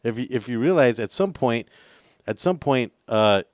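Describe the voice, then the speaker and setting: A man's voice: mid-range voice, expressive, moderate pace, no echo, clean studio sound. A man hosting a radio talk show, methodically steering the conversation and repeating words as he builds a point.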